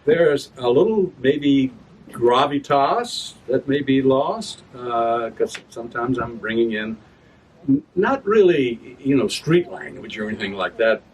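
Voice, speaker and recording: A man's voice: mid-range voice, expressive, measured pace. A man giving a reading of his own work, chatting casually with a live audience about verse and correcting himself as he goes. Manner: chatty, explains with rhythm sounds, self-corrects. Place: reading event room. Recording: distant mic with room ambience.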